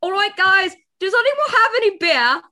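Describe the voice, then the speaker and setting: A woman voicing a dim anarchist female British rock star turned vampire, in a deliberately bad, put-on British accent that drifts from Australian, loud and giddy. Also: extremely high pitch, very animated, pitched above the performer's own voice, exaggerated voice. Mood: rowdy.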